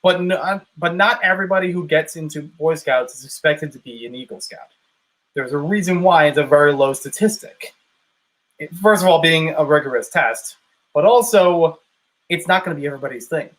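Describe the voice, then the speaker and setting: A man's voice: on the high side, moderate pace, a bit bright, poor audio. A man co-hosting a casual chat, thoughtful and hedging as he searches for the right words. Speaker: podcast co-host.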